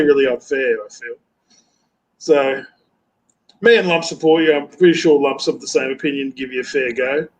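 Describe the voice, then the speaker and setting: A man's voice: a little high, a bit bright, poor audio. A man chatting on a live stream, earnest and placating, often repeating his phrases. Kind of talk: casual chat on a live stream.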